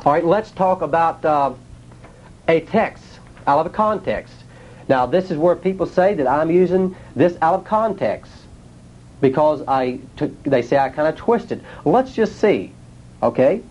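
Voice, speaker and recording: A man's voice: fairly high pitch, expressive, measured pace, darkish tone, lo-fi sound. A man teaching a sermon in a plain, folksy way, asking his listeners rhetorical questions. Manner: nonstandard grammar, folksy speech. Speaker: preacher.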